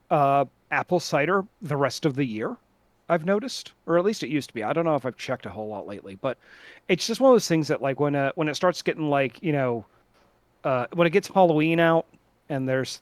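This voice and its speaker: A man's voice: fairly high pitch, no room sound. Rambling man on a podcast. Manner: rambling, many restarts and fillers. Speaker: podcast co-host. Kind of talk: casual chat among friends.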